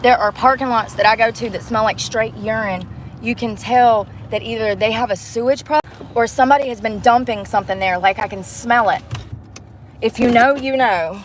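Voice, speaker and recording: A woman's voice: a little high, normal speed, a little hiss or hum. A woman live-streaming from inside her car on a phone camera, chatting to viewers in a casual, profane way. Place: inside a parked car at a drive-thru.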